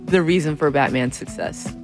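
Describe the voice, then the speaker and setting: A woman's voice: deep voice, moderate pace, over music. A woman hosting a radio pledge drive, chatting in a playful, upbeat way from a studio. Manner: playful, upbeat, laughing easily. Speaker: radio host. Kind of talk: casual on-air chat during a pledge drive.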